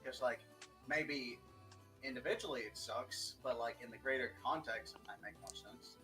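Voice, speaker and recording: A man's voice: mid-range voice, moderate pace, sharp tone, faint music behind, low-quality recording. A young man chatting as a guest on a writing stream, rambling, joking and swearing freely. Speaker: guest writer. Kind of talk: casual chat.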